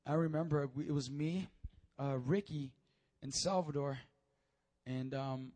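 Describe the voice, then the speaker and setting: A young male preacher with a high, light voice delivers an emotional sermon. He tells stories, and his voice climbs and swells to near shouting at the peaks, then drops back to a quieter, reflective tone. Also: unhurried.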